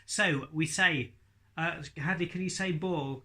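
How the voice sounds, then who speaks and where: A man's voice: fairly high pitch, a little slow, sharp tone. A man teaching ventriloquism, bantering patiently and playfully with his puppet. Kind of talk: comic ventriloquism lesson with a puppet.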